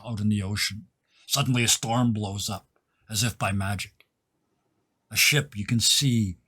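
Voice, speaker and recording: A man runs a tabletop game as its game master, his low voice a little husky. He paints each scene in vivid detail and sinks to a near-whisper when the moment turns tense. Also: fairly even intonation, measured pace, pauses often, pushed and bright.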